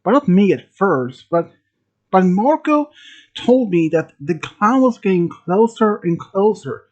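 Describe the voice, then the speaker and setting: First-person horror storytelling, lively pitch, halting restarts, phrasing. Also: muffled recording. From Sweden. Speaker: channel host telling a story.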